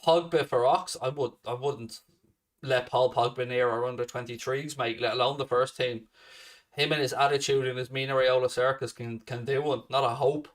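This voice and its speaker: A man's voice: medium pitch, fairly even intonation, normal speed, recorded from a distance. A man hosting a fan channel, answering viewer questions in a blunt, sweary, casual chat.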